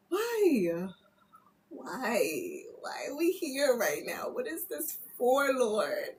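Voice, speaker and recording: A woman reading spiritual messages on a live stream, loud and playful, laughing often as she teases her viewers. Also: on the high side, huge pitch swings, extremely slow, pauses often. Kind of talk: casual live-stream chat.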